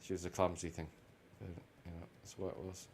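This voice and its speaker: A man's voice: low voice, a little fast, slight background noise. Rambling, swearing Australian man. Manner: rambling, swears freely, tells animated anecdotes. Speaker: gaming video host. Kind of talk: casual chat while gaming.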